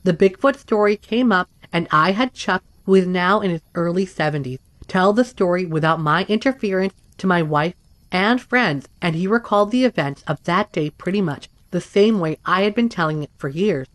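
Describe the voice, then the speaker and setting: A woman reading first-person accounts aloud in a steady, even scripted narration. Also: fairly low pitch, moderate pace, dry recording. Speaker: story narrator.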